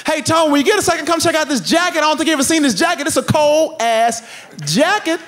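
A man's voice: high voice, wildly swooping pitch, brisk, background noise, voice pushed up. A comedian acting out his carefree, blunt grandfather in his late seventies during a stand-up set. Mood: boastful. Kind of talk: stand-up act-out.

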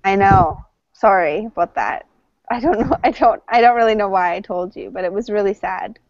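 A woman's voice: medium pitch, moderate pace, dry recording, lo-fi sound. A Canadian woman teaching an English conversation class, telling a story casually with lots of fillers and restarts. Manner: chatty, with frequent fillers and restarts.

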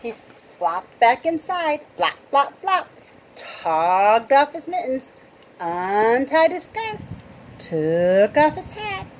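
Storytime reader: woman, slow and very expressive, fairly high, noisy home recording. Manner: slow, animated, asks listeners questions. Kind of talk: reading a picture book aloud to children.

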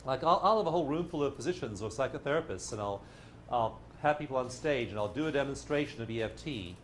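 A man's voice: mid-range voice, expressive, quick pace, a little hiss or hum. A man teaching a live workshop in a playful, joking way, acting out little inner voices as he explains. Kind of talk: lively teaching talk to a live audience.

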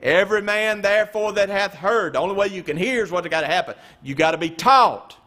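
A man, a pastor preaching a sermon, firing rhetorical questions and dropping suddenly to a hush. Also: quick pace. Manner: preaching with swooping pitch, rhetorical questions and sudden hushed drops.

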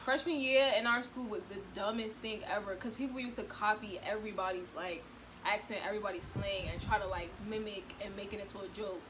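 A woman's voice: medium pitch, a little fast, noisy background. A young woman chatting casually and playfully, often cutting in and mimicking others. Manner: playful, interrupting, mocking imitations. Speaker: girlfriend learning slang. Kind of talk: casual chat.

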